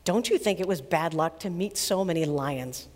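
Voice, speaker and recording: A woman's voice: sits low, normal speed, a little mellow. Scared tired little runaway boy a woman reads him, whiny questions, echoey hall. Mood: anxious. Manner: plaintive, anxious questions. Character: frightened, weary runaway boy.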